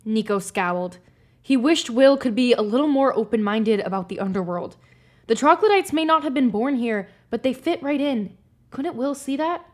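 A woman's voice: a little high, lively intonation, moderate pace. Giggly effusive woman co-host. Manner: giggly and effusive, reads narration aloud. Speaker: podcast co-host. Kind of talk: casual chat and book narration.

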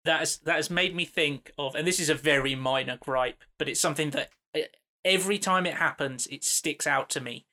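Podcast co-host guy, bright sharp voice, a bit high, hesitant little gripes. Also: fairly quick. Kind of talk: casual chat.

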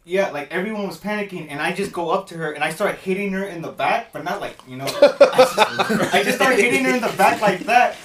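A man telling an excited, rambling story to his podcast co-hosts. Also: high-pitched, quick pace, few pauses, far from the mic, a crowd in the background. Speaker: podcast co-host. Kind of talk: casual chat, storytelling. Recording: echoey room, off-mic.

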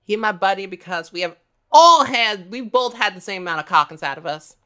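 A woman voicing a brash old woman trucker who shouts and exclaims in disbelief. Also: medium pitch, lively intonation, fairly quick. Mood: bawdy.

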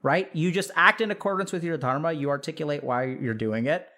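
High-voiced man giving animated advice. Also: brisk. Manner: animated, acts out imagined family members mid-sentence; frequent fillers "like" and "right?". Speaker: podcast host giving advice. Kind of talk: casual advice monologue.

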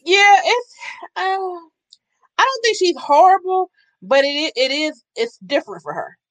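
A man hosting a casual chat about TV shows, reacting excitedly and asking questions. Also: very high-pitched, unhurried, no room sound.

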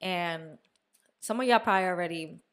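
A young woman co-hosting a podcast, telling a story in a casual, animated way, now and then swearing and dropping in Spanish words. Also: on the low side, normal speed, clear, resonant tone. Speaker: podcast co-host. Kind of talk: casual chat.

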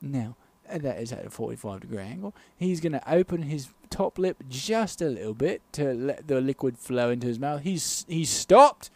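A man's voice: mid-range voice, expressive, normal speed, few pauses, no room sound. A drunk young man co-hosting a comedy podcast, laughing a lot and slipping into mock announcer play-by-play. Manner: loud, laughing, swings into playful announcer bits. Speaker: podcast co-host. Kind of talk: drunk comedic chat and mock sports commentary.

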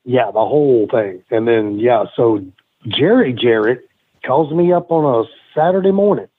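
A middle-aged man, a former pro wrestler, telling rambling, profane stories with quick laughs as a guest in a casual interview. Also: mid-range voice, a little hiss or hum. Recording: tinny phone-like line.

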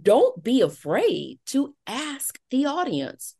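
A woman hosting a podcast interview, explaining public speaking in a measured, explanatory way. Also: high voice, sing-song, dark tone, husky. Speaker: podcast host and speaking expert.

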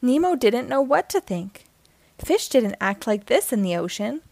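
A woman reading a children's picture book aloud in a gentle storytelling manner. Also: fairly high pitch, very animated, unhurried, gravelly, no room sound.

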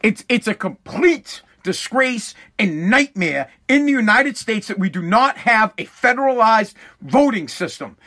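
A man in full rant mode, swearing freely and circling back over his points. His voice sits high and sounds bright and edgy, lifting higher whenever he pushes a point. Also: measured pace, hardly any pauses. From Massachusetts. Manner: profane, animated, repeats himself. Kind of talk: casual rant monologue.

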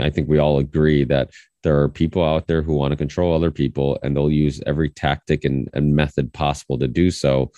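Man, extremely deep voice, dry close sound, rambling podcast host, many restarts. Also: warm tone, no room sound. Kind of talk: casual conversation.

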